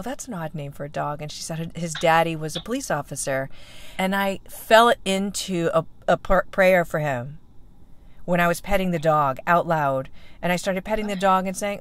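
Low-voiced earnest woman co-host. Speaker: podcast co-host. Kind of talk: casual faith chat.

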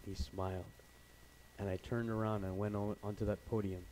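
A young man preaching a sermon, telling a personal story and then speaking quietly and earnestly to the congregation. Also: on the low side, level tone, moderate pace, a little hiss or hum, poor audio. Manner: storytelling, voices his dad loudly, then quiet and earnest.

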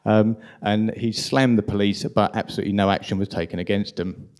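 Man, London accent, conference talk, rapid and impassioned, fairly low voice. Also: steady tone, a little mellow. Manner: rapid, impassioned, indignant delivery. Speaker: conference speaker.

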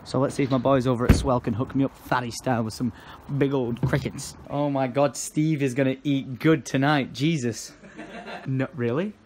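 A young man, chatting excitedly in a casual vlog and often breaking into laughter. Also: medium pitch. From England. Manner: excitable, laughing, quick exclamations. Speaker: vlogger. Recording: faint background noise.

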